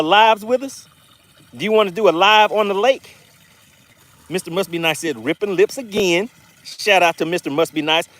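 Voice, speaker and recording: Man, fishing stream host, excitable, playful, reads chat aloud, outdoors on a lake boat, high lively voice. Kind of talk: live-stream fishing commentary.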